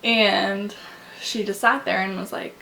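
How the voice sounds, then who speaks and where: A young woman tells a personal story to her camera, candid and halting, with frequent likes and restarts. Her voice sits in a middle pitch with a gravelly, creaky edge. A faint hiss of room noise from an open window sits behind her. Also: fairly even intonation, sharp tone, poor audio. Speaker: vlogger. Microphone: camera mic.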